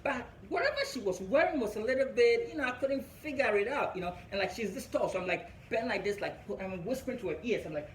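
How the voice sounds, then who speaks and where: A man's voice: very high-pitched, animated, quick pace, few pauses, roomy sound, a little hiss or hum, rough recording. A young man from Africa with an African English accent, telling a stand-up story, chuckling at his own jokes and checking in with "right?" between lines. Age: young adult. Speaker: comedian.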